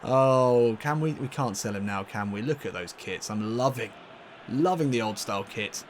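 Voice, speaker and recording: A man commentating casually on his own football video game match, getting loudly excited and laughing at near misses. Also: lowish voice, normal speed, slight background noise. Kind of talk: casual let's-play commentary.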